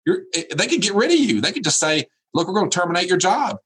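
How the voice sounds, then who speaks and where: A husky-voiced man delivers a motivational keynote over a remote video call. He preaches with emphasis and leans on repeated phrases. His pitch swings widely, rising and falling as he drives each point home. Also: very animated, fast talker, a bit bright. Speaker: keynote speaker.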